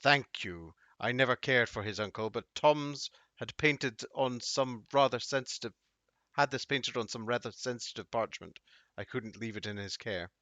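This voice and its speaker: A man voicing a scheming middle-aged brothel madam who bargains smoothly and sounds pleased with herself. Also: mid-range voice, normal speed, bright, forceful tone, no echo, close to an everyday voice. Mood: smug. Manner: smooth, self-satisfied bargaining. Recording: dull dry audio.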